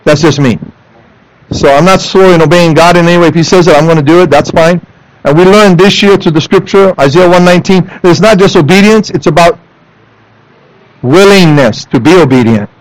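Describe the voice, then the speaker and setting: Male pastor preaching in a church, lively voice that climbs high on his points then drops to quick asides, fairly high for a guy. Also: dry recording, rough recording. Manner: animated, swings between loud emphatic lines and low asides to the congregation. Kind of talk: sermon. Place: church sanctuary.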